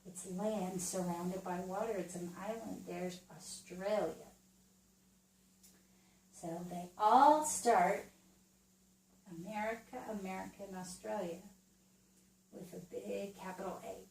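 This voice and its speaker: A Montessori-style teacher demonstrates a geography lesson for young children, speaking slowly and patiently with childlike prompts, as if to a small child. Her medium-pitched voice is creaky and a little mellow, recorded from a distance in a roomy space.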